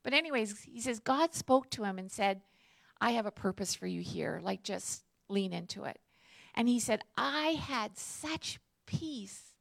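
A woman's voice: medium pitch, normal speed, creaky, dry recording. A woman, a prison chaplain telling a faith story in a conversational way, full of fillers and asides.

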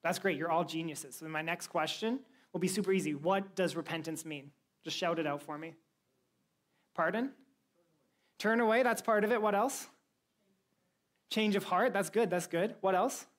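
Woman teaching a lively Bible lesson. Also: on the low side, moderate pace, pauses often. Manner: lively storytelling, quizzing the listeners. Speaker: church youth teacher. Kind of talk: Bible lesson for a young group.

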